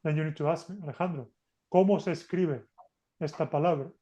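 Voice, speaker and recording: Male teacher, mellow warm voice, slightly high, patient, online class. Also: quick pace, lo-fi sound. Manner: patient, coaxing, switches between two languages. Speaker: Spanish teacher. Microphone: video call.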